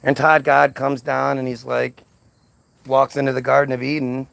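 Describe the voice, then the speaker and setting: A man's voice: medium pitch, flat delivery, moderate pace, creaky, fairly bright tone. Profane mocking male streamer. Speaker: livestream host. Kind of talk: crude comedic retelling.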